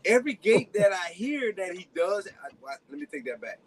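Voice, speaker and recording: A man on a podcast telling a story in loose slang. He is animated and laughs a lot, with a slightly high voice and faint noise behind him. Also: brisk, poor audio. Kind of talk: casual chat, storytelling.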